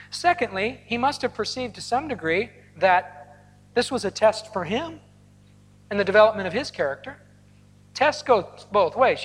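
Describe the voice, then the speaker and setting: A man delivers a sermon to a congregation, mixing teaching with personal stories and playful asides. His voice rings out through a large hall with a long reverb tail. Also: sits high. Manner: storytelling, animated asides with laughter. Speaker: pastor. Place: large hall or church auditorium.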